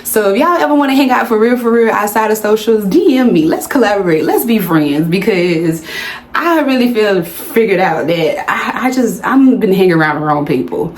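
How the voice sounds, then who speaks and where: A woman's voice: mid-range voice, lively intonation, moderate pace, slight background noise. Chatty woman vlogging in a roomy space. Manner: chatty, playful, talks straight to viewers. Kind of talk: casual chit-chat vlog. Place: indoors under hot lights. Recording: roomy indoor sound with faint music.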